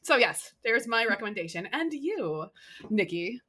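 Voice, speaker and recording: Woman podcaster, bright sharp voice, laughs a lot while retelling a plot. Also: a little high, moderate pace. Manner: animated storytelling, laughs often, acts out quoted lines. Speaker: podcast co-host. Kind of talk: casual chat.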